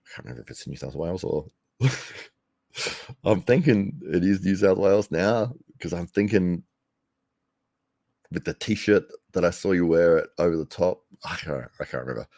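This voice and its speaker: Speaking into a desk mic with no headphones and no room sound, this Australian livestream commentary host has a low, creaky, slightly mellow voice with lively intonation. He keeps a moderate pace, pauses often, and rambles casually to his viewers, laughing a lot and correcting himself as he goes.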